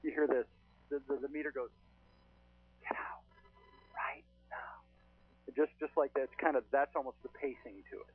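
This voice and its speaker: A man's voice: mid-range voice, fairly even intonation, fast, a little hiss or hum. A man as a paranormal investigator guest on a podcast, telling his stories in a chatty way with lots of fillers. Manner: chatty, storytelling, frequent "uh" fillers. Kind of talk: casual podcast chat. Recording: thin phone-line sound.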